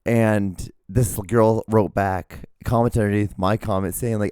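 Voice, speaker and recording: Man, podcast host, rambling solo talk, swears a lot, mocks himself, low mellow voice, dry close sound. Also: steady tone, moderate pace, smooth, dry recording. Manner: rambling, profane and self-mocking. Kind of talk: casual rambling solo monologue.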